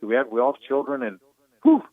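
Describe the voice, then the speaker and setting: A man's voice: medium pitch, wildly swooping pitch, fairly quick, dry recording. Middle-aged jacksonville guy on a phone line, earnest and emotional, tinny and dry. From Jacksonville, Florida. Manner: earnest, emotional, repeats words. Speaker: play-by-play broadcaster calling in. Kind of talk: reflective on-air talk.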